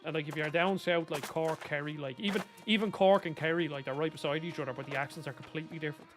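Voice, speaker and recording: Man, North Dublin Irish accent, gaming streamer, rambling jokey chat, fairly high voice, soft music underneath. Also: fairly even intonation, quick pace. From Ireland. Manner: rambling and jokey, heavy on "like", slips into mock accents. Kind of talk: casual live-stream chat while gaming.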